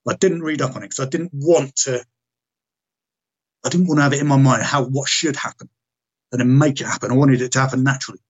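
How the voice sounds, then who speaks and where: Man, husky, blunt storyteller, swears a lot and acts out old conversations. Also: mid-range voice, fairly even intonation, quick pace, pauses often, lo-fi sound. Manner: blunt, heavy swearing, reenacts dialogue. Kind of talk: casual storytelling chat.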